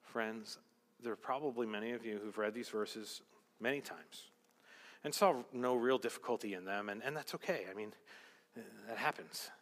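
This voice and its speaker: A male pastor preaching a sermon in an earnest, rhetorical way, slowing down for emphasis. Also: fairly low pitch, a bit bright. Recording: long hall reverb.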